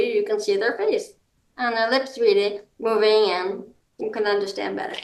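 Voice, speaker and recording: A woman speaking as a guest advocate, giving practical advice in an informal, halting way with many ums and restarts. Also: fairly high pitch, steady tone. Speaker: guest, hard of hearing and seniors advocate. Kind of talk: explanatory advice talk. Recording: roomy echo.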